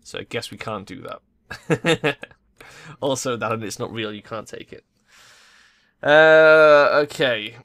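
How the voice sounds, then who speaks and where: Sarcastic gamer. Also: male voice, medium pitch, takes it slowly, long pauses, a bit bright. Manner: sarcastic, mischievous, swears freely. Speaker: gamer playing through an RPG. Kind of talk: gaming commentary.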